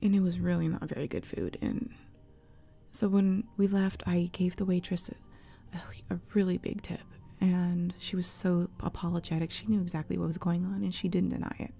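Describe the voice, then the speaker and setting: A woman hosting an ASMR channel, talking in a soft half-whisper and telling a rambling, chatty story up close to a sensitive mic. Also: lowish voice, little pitch movement, moderate pace, gravelly. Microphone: close sensitive mic for headphones.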